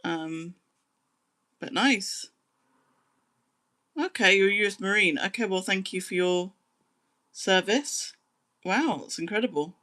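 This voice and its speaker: A young British woman hosting a live stream, chatting casually with viewers and humming to fill the pauses. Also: mid-range voice, sharp tone. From Britain. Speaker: livestream host.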